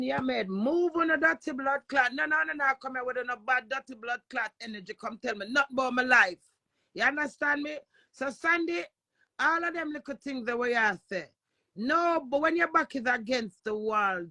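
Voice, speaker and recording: A Jamaican woman hosting a live stream, ranting forcefully and swearing as she talks with a caller. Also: on the high side, vocal fry, no echo. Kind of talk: casual live chat.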